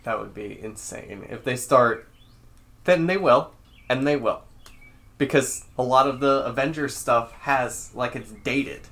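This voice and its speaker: Animated, bright-voiced man chatting. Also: mid-range voice, unhurried, vocal fry. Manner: animated, swears freely, acts out quotes in exaggerated voices. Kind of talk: casual chat.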